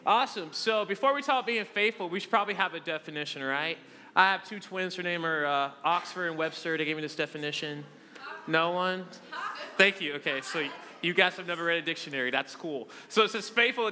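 A man's voice: a little high, fairly quick, bright, forceful tone, in a large hall. A young man in his twenties giving a humorous, playful sermon to a live congregation, joking at his own expense. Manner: playful, joking storytelling with self-mockery. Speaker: youth preacher.

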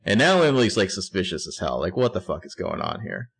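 A man's voice: low voice, huge pitch swings, quick pace, gravelly, fairly bright tone, slightly rough. A man co-hosting a casual TV recap podcast, narrating scenes bluntly and swearing often. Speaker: podcast co-host.

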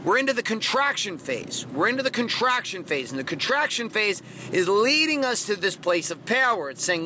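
Brief: middle-aged male motivational host, high bright voice, brash and profane, faint traffic noise outside. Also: big pitch swings, moderate pace, hardly any pauses. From Washington state, USA. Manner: brash, profane, punchy delivery with dramatic swings. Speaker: podcast host. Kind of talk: motivational monologue.

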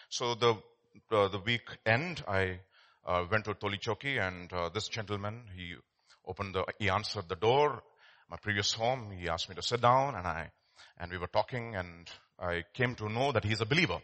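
A man's voice: fairly low pitch, moderate pace, sharp tone. A man preaching a sermon as pastor, telling stories in a conversational way with many fillers and restarts.

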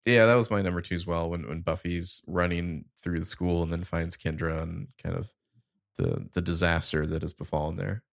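A man's voice: sits low, fairly even intonation, normal speed, gravelly, no room sound, studio quality. A man co-hosting a casual podcast chat, laid-back and rambling with fillers. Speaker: podcast co-host.

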